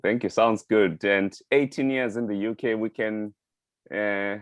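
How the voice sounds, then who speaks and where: Laid-back guy hosting an interview, lowish voice, tacks "right?" onto his questions, dry mic. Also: fairly even intonation, measured pace, no echo. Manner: easygoing, leans on tag questions. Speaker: host, interviewer.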